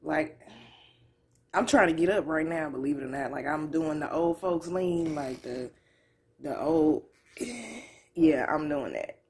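In a casual to-camera vlog recorded on her couch at home, a woman speaks at a measured pace in a low, slightly mellow voice. She drawls candidly and profanely, loose in her own way of talking, while in pain and on the verge of tears.

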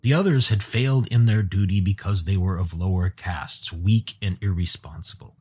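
A man narrating an audiobook in a steady storytelling manner. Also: sits low, normal speed, husky.

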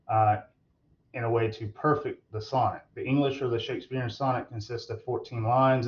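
Male tutor, mid-pitched, loose and halting delivery with fillers, dull lo-fi recording. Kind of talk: recorded online lecture.

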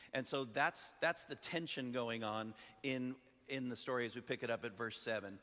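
A male pastor preaches to his congregation in a relaxed, conversational storytelling manner, often putting questions to his listeners. His voice is bright and forceful at a middle pitch. The recording carries a long reverb from a large church sanctuary. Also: normal speed. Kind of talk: sermon.

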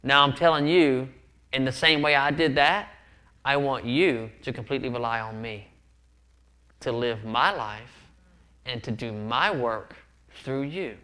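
A man's voice: mid-range voice, a little slow, sharp tone. A man preaching a sermon as pastor, earnest and often repeating words for emphasis. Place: church sanctuary.

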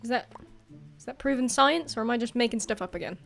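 A woman giving casual gameplay commentary as a YouTuber, chatty and excitable, laughing often and talking to the creatures on screen. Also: on the high side, creaky. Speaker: gaming YouTuber.

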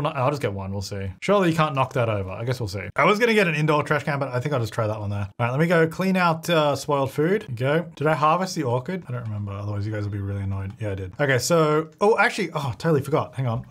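A man casually commenting on his own gameplay, chatty and thinking aloud, often laughing. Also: a little high. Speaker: gaming channel host.

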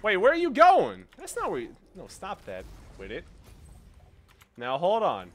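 A young man commentating his own gameplay, boastful and profane, swinging between low mutters and loud triumphant yelling. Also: wildly swooping pitch, measured pace. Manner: profane, boastful, self-mocking. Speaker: gaming streamer.

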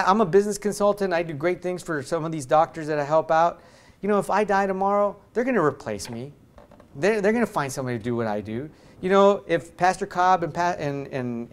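An earnest man preaching a sermon in a church, his voice sitting a little high. He drives his points home emphatically, restarting phrases and swinging between soft and loud. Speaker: lay preacher. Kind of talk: sermon with closing prayer. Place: church sanctuary.

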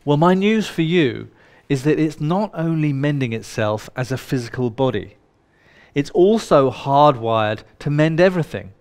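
A man's voice: a little high, animated, normal speed, a little mellow, clean tone. A man leading a live workshop in a room full of people, speaking in a playful, irreverent way and swearing now and then. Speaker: workshop leader. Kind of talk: live workshop talk to an audience.

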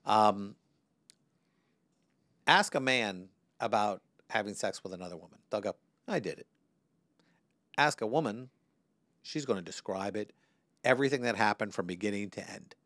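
A man's voice: fairly low pitch, bright, forceful tone, no echo, clean studio sound. Blunt joking male attorney. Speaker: attorney and podcast co-host. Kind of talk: casual podcast banter.

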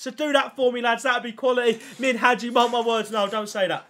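A young man chatting casually to his viewers on a gaming livestream, excitable and slangy, thanking chat constantly and reacting loudly to pack openings. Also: extremely high pitch, fast talker.

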